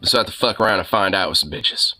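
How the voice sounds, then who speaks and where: A man's voice: low voice, quick pace, pushed and bright, slight background noise, rough recording. A young man chatting casually with his viewers, rambling with lots of fillers and swearing. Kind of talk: casual chat.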